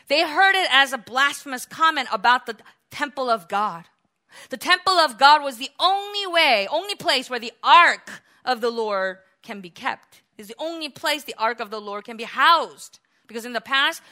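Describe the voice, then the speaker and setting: Woman preacher, high sharp voice, fervent, asks the crowd questions and answers them herself. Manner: fervent, rising to loud exclamations. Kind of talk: sermon with scripture reading.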